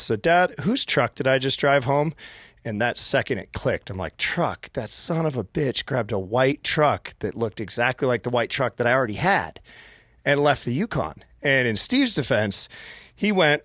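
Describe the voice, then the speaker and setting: Musician guest, male, from Montana, mid-pitched, tells stories with gusto and quoted voices; dead-dry booth sound. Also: dry recording. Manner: animated storyteller acting out quoted voices. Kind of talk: casual storytelling.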